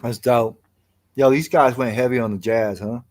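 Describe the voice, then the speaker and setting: Male podcast co-host, mid-pitched voice, relaxed and slangy, casual chat. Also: moderate pace, loud music behind the voice. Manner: laid-back, slangy.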